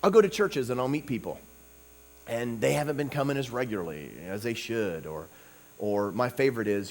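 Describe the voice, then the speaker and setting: A man preaching a revival sermon in a conversational way, often checking in with "okay?" and "you know", swinging between soft asides and loud emphatic bursts. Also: mid-range voice, animated, normal speed.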